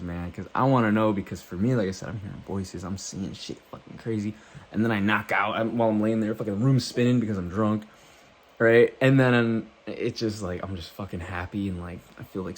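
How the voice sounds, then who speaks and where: A man's voice: lowish voice, breathy edge. A man vlogging, telling a loose, profane story to the camera and acting out what he thought and said.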